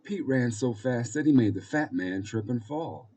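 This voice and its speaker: A man narrating an audiobook in calm, even storytelling. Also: medium pitch, normal speed, slightly rough, distant mic. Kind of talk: scripted narration.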